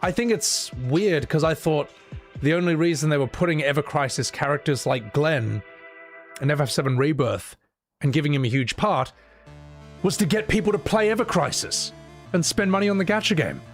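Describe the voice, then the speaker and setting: A man's voice: fairly high pitch, animated, normal speed, faint music behind. A man streaming live, reading out chat messages and answering in a rambling, casual way with lots of fillers and chuckles.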